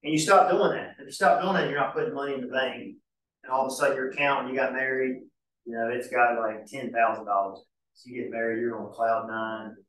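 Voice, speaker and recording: A pastor teaching a marriage class in a casual, folksy way with homespun examples. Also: male voice, medium pitch, steady tone, brisk, fairly bright tone. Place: church hall. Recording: very echoey church room, mic far off.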